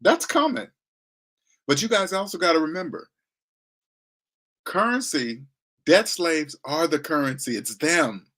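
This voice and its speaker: His voice sits a little high, bright and forceful, expressive and unhurried with frequent pauses. The finance commentator delivers a blunt, slangy, lecturing money talk in a casual monologue, mocking the voices he imitates.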